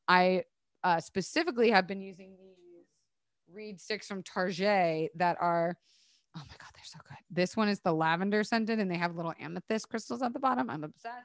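A young woman talks through her podcast in a bubbly, chatty way, dropping curse words without a second thought. Her voice sits a little low for a woman. The recording is close and dry, with almost no room sound. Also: no echo. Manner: chatty, bubbly, swears casually. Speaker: podcast host. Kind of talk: casual solo podcast chat with ad reads.

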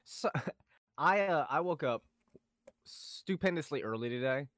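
A young man co-hosting a podcast, telling stories in a casual, animated way, swearing often and acting out what people said. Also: on the high side, a little slow, no echo. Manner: animated storyteller, swears a lot, acts out quotes. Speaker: podcast co-host. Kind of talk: casual chat.

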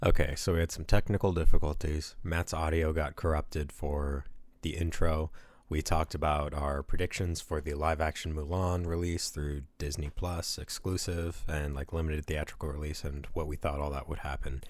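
A man hosting a casual movie podcast, explaining technical problems in a relaxed way. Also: rumbling low, moderate pace, no room sound. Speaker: podcast host.

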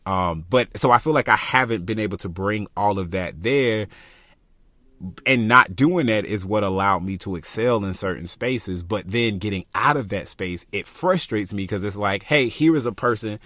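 A young man from Florida, co-hosting a podcast in casual chat, passionate and animated, thinking aloud with lots of fillers. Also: fairly low pitch, moderate pace, no room sound. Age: young adult. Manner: passionate, animated, talks through ideas with many fillers. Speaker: podcast co-host.

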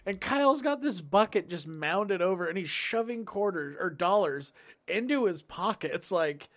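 Animated high-voiced man telling a story. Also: normal speed. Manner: animated, acts out quotes with big voice swings. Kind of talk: casual storytelling among friends.

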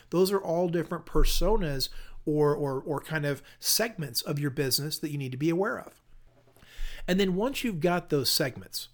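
A middle-aged man talks alone on his podcast, coaching listeners on serving customers. His voice sits a little high, and he keeps an upbeat tone, pressing the audience with question after question. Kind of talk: solo podcast monologue.

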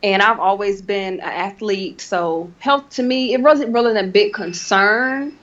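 A woman's voice: medium pitch, unhurried, muffled recording. A woman guest telling her story earnestly in a casual interview, acting out what she said to others. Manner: earnest storytelling, animated quotes. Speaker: podcast guest.

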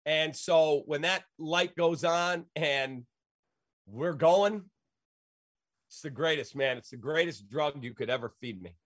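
A middle-aged man with a slightly raised pitch tells stories like the radio host he is, emphatic and folksy, wandering from point to point. The sound is dry and close, with no room around it. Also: slow, no echo. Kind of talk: animated storytelling in an interview.

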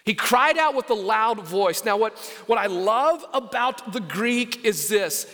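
A man's voice: high voice, animated, measured pace, bright, forceful tone. A man, preaching a sermon as senior pastor, emphatic and asking the congregation questions. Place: church sanctuary. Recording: long reverb of a large church.

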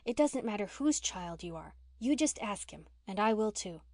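A woman voicing a gentle, earnest young minister's daughter who speaks softly and tenderly, read for a storybook. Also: medium pitch, expressive, moderate pace, no echo, clean studio sound. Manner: soft, tender and pleading.

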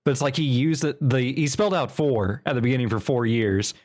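A man's voice: medium pitch, fairly quick, a little mellow. A man hosting a gaming podcast, explaining things at length with casual, hesitant restarts. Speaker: podcast host.

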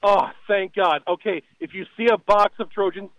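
A man's voice: high voice, steady tone, moderate pace, a bit bright, dry recording. A man calling in as a frantic male time traveler from a future war, pleading urgently. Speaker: caller. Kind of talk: comic call-in bit. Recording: tinny phone line.

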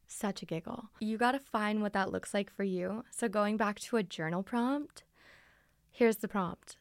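A woman's voice: mid-range voice, unhurried, dry recording. A young woman hosting a podcast, chatting casually and bubbly as she answers listener questions in a recording studio on a studio mic. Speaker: podcast host. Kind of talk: casual solo podcast chat. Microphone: studio microphone.

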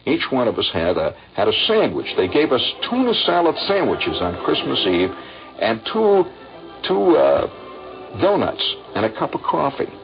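An older man from Indiana telling a personal story in a lively, animated way and acting out the voices of people in it. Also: mid-range voice, normal speed, gravelly. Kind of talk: radio storytelling. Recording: dull lo-fi radio with faint music.

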